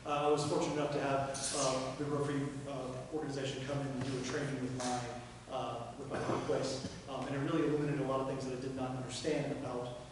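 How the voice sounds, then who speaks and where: A man talks in quick, flat, halting bursts full of fillers. He is far from the mic in an echoey hall with audible background noise. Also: mid-range voice. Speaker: speaker at a live reading event. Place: performance venue.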